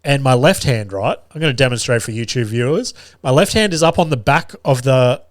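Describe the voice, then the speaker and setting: Animated podcast dad spinning a story. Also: male voice, mid-range voice, brisk, dry recording, clean studio sound. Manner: animated, profane anecdote-telling with frequent laughter. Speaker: podcast host. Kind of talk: casual storytelling.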